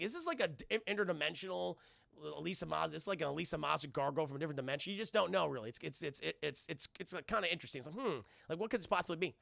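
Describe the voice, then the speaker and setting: High, very gravelly man talking to his chat. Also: sharp tone, no room sound, clean studio sound. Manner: rambling, profane, keeps addressing the chat. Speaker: cartoon reviewer streaming live. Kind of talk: casual livestream recap.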